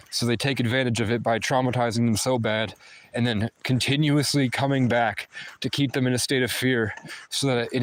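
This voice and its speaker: A man ranting to his viewers in an aggrieved, fast-flowing monologue. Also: mid-range voice. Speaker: vlogger. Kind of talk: agitated monologue to camera.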